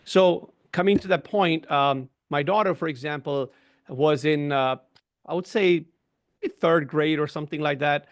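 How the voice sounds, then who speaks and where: A middle-aged man with a slightly high voice speaks at a measured pace over a video call, guesting on a webinar. His explanatory, conversational talk is dotted with "right?" and "you know".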